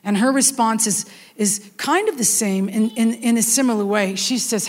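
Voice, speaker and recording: A middle-aged woman preaching a sermon in an animated storytelling manner, with frequent restarts and asides. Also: fairly high pitch, moderate pace. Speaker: worship leader preaching. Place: church hall. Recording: long hall reverb.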